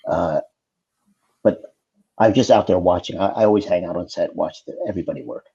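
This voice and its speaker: A middle-aged actor telling casual behind-the-scenes stories as a talk show guest, with animated storytelling. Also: male voice, low-pitched, a little fast, husky, muffled recording. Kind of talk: casual anecdotes on a video call talk show.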